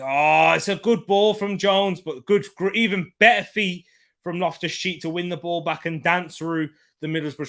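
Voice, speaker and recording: A man's voice: fairly high pitch, sharp tone. A man hosting a live football watchalong, giving casual match commentary in a rambling way, repeating himself and reading out chat comments. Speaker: host of a football watchalong stream.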